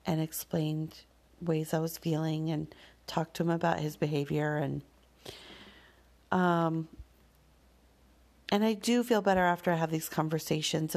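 A woman speaks slowly and unhurriedly, her voice sitting a little low. She shares a personal parenting story in a candid, reflective way, pausing with soft fillers and the odd sigh. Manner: candid, slow and thoughtful, with soft fillers and sighs.

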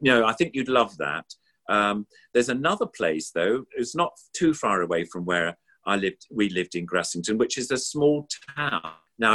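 An older puppeteer chatting about his past in a rambling, enthusiastic way. His voice sits very low with a husky grain. He fills his sentences with ums and warm exclamations. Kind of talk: casual reminiscing chat.

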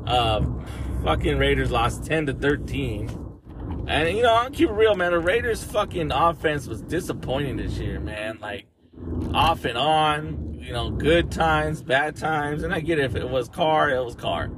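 A man's voice: a little high, expressive, unhurried. A man hosting a podcast, ranting casually about sports in rambling, profane slang while driving to work. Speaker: podcast host. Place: in a car on the way to work. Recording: loud car road noise.

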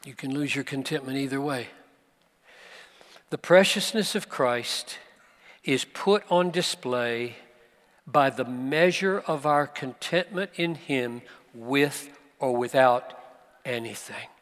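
A man preaching a sermon at a conference, slow and emphatic, with dramatic pauses. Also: mid-range voice, a bit bright. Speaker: pastor. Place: large conference hall. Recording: live hall recording with long reverb.

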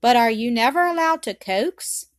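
A woman reading aloud voices a lively girl who speaks eagerly and at times half indignantly. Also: fairly high pitch, normal speed, no room sound, clean studio sound, close to an everyday voice. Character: eager, lively girl, quick to take offense.

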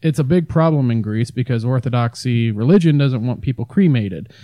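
Halting man reading a story, mellow voice. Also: mid-range voice, animated, no room sound. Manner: halting, stumbles over words. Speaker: podcast co-host. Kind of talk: casual podcast chat, reading a news story.

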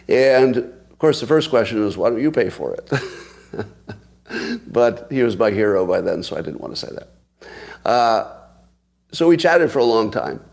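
Host, male, 60s: low, gravelly, chatty storyteller who laughs at his own anecdotes. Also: a little mellow. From United States. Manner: chatty, laughs at own stories, asides to viewers. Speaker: podcast host. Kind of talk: casual livestream storytelling.

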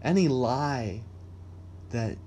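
A man's voice: mid-range voice, expressive, extremely slow, warm tone, dull audio. A man with an ordinary mid-range voice hosts a faith podcast in a casual, encouraging way. He chuckles often as he talks. A faint hiss sits under the recording. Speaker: podcast host.

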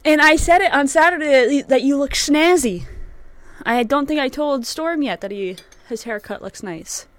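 A woman's voice: high-pitched, normal speed. A woman co-hosting a podcast in casual, teasing chat. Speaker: podcast co-host.

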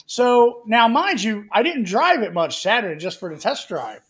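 A man with a high voice hosts a radio talk show and spins a long, swear-filled story. He acts out each person's lines as he tells it. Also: moderate pace. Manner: animated, acts out other people's lines. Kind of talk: profane storytelling chat.

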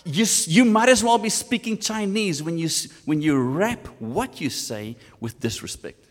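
South african guy preaching, super animated, bounces between english and afrikaans, big echoey hall. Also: on the high side, moderate pace. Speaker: pastor. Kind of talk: sermon.

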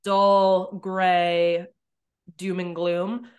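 A woman hosting a podcast, telling stories in a casual, animated way with lots of "like". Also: on the low side, very slow. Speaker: podcast host. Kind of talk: casual interview chat.

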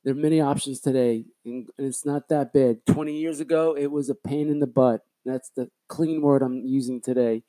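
A man's voice: mid-range voice, fairly even intonation, normal speed, hardly any pauses, mellow. A man hosting his own solo podcast in a casual, rambling, chatty way, often correcting himself mid-sentence. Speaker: podcast host.

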